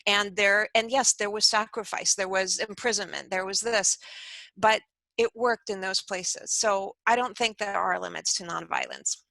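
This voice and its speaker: A woman's voice: mid-range voice, steady tone, normal speed, creaky, sharp tone, no echo, low-quality recording. A woman speaking as an interview guest, telling a story in an earnest, conversational way and acting out the quoted voices.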